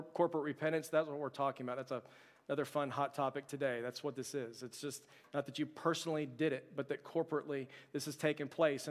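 Earnest preacher man in a reverberant hall. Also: on the high side. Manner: storytelling, earnest, with restarts. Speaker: pastor. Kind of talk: sermon.

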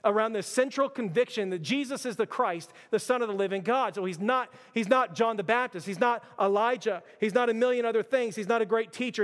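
Guy pastor with a high voice, fired up sermon, says like a lot, big echoey church hall. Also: fairly bright tone. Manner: passionate, repetitive, keeps addressing "church" and saying "like". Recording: long reverb of a large hall.

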